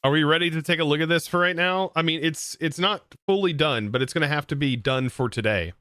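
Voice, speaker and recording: Streamer, male, bright and clear, dry close sound, loose rambling chat. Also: fairly high pitch, brisk, no echo. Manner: rambling, with frequent restarts and laughs. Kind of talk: casual gameplay livestream chat.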